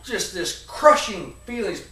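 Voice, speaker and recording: A man around forty, telling a comic story to an audience in a rambling, animated way. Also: high voice, a little slow. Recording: echoey room, voice from a distance.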